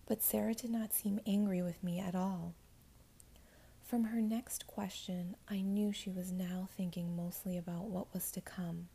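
A woman narrating a story in a hushed, whispered, measured way. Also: mid-range voice, fairly even intonation, creaky, slightly rough.

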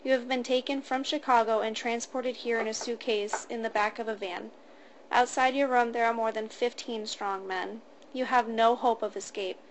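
Tearful young woman, as a woman narrator reads her, stuttering, fairly high voice, faint room hum. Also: fairly even intonation, normal speed, lightly acted, poor audio. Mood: frightened, resigned. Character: frightened young woman captive reading a statement. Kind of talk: storybook reading.

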